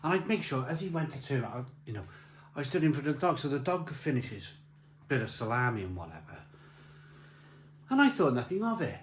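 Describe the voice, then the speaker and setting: A man's voice: mid-range voice, sing-song, a little fast, long pauses, slight background noise. A man telling a rambling, laughing anecdote as a beer vlogger, with many restarts. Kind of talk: casual anecdote. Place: beer festival. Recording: roomy echo with faint ambience.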